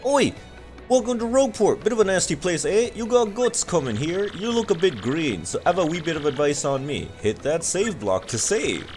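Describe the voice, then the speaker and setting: A man doing a gruff old dockside guy. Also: on the high side, sing-song, moderate pace, a little mellow, soft background music, pitched above the performer's own voice. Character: grizzled male dockside old-timer, gruff.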